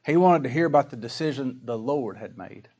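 A man preaching a sermon, folksy and plain-spoken, full of rhetorical questions, reading scripture slowly and with weight. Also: medium pitch, animated, darkish tone. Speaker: pastor.

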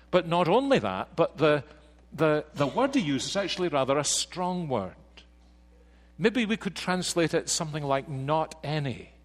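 A man preaching a sermon to a congregation, slow and emphatic, dropping quiet then rising with force. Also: on the high side. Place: church sanctuary. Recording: reverberant church hall.

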